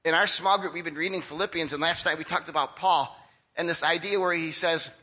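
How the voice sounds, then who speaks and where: An older male pastor preaching in a high, piercing voice with a bright, cutting edge. His delivery is lively and conversational, and he slips into the voices of the people he describes. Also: fairly quick, poor audio. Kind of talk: sermon.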